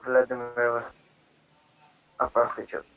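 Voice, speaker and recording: A woman chatting casually with friends, slowly explaining with fillers. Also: a bass voice, flat delivery, a bit bright, muffled recording. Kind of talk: casual chat among friends.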